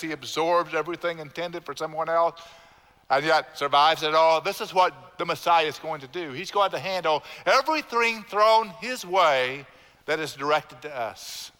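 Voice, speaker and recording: A man's voice: a little high, sharp tone. A man, a pastor preaching a sermon with emphatic repetition and calling on the congregation to repeat lines. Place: church sanctuary. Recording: long church hall reverb.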